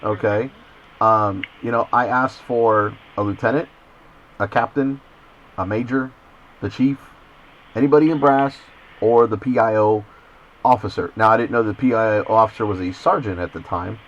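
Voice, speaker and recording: A man's voice: fairly low pitch, moderate pace. Insistent man on a muffled phone call. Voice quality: stammering, repeats words. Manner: insistent, persistent. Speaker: investigative journalist.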